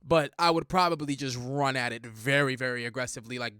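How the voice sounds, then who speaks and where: A young man hosting a reaction video, talking casually in slang, animated and laughing often. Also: medium pitch, fast talker, background noise. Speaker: reaction channel host.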